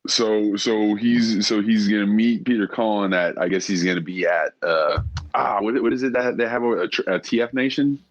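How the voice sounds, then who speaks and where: A man co-hosting a casual podcast, talking haltingly as he thinks aloud, over dull lo-fi online call audio. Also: lowish voice, steady tone, no room sound. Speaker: podcast co-host. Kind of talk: casual chat.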